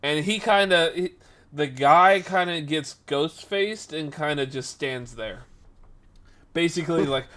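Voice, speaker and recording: A man casually telling a rambling workplace story, animated and acting out the voices of the people in it. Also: on the high side, slow pace.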